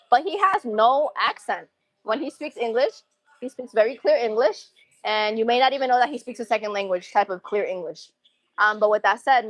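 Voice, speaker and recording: A woman's voice: medium pitch, no echo. A woman livestreaming from a gym between sets, chatting casually and rambling in laid-back slang as she answers her chat.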